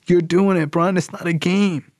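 A man's voice: sits high, fairly even intonation, takes it slowly, dry recording, studio quality, voice pushed up. A man voicing his blunt, profane male recovery sponsor, who lectures in a harsh, tough-love way.

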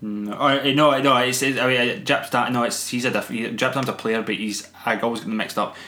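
A man's voice: medium pitch, steady tone, a little fast, pushed and bright, echoey room. A man chatting casually about a film as a podcast co-host, rambling with frequent restarts and laughs. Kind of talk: casual film review chat.

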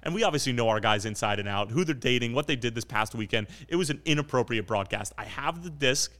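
A New Jersey man in his twenties who does soccer play-by-play chats on a podcast, spinning quick, jokey, self-deprecating stories. His voice sits mid-range with a fairly bright tone and lively intonation.

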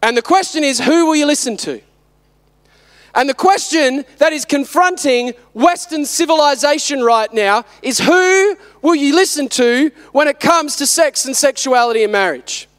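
High-voiced man preaching with emphatic questions. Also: expressive, normal speed, fairly bright tone. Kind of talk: sermon.

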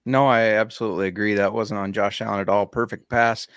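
A male podcast co-host in casual chat who argues his opinions in a measured way, with some casual swearing. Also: on the low side, steady tone, a bit bright, no echo, clean studio sound.

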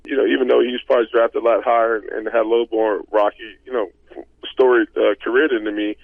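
A man in his thirties, a former football player as guest, telling stories in relaxed chat with many fillers, heard over a phone line. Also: mid-range voice, quick pace, vocal fry, no echo. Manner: conversational storyteller, many fillers. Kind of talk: casual interview talk.

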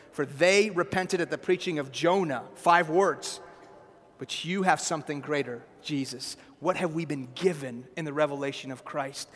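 A man's voice: on the high side, fairly bright tone, in a large hall. A man preaching a sermon in a conversational way, often checking in with the listeners. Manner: conversational preaching with asides like "right?" and "okay?".

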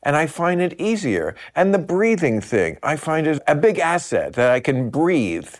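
A man hosting a talk show in casual chat, arguing his points and quick to challenge. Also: fairly high pitch, very animated.

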